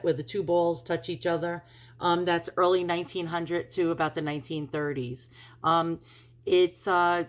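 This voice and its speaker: Chatty New woman, lowish voice. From New York. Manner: chatty, rambling, repeats herself. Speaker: antiques vlogger. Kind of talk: casual chat to camera. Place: at home.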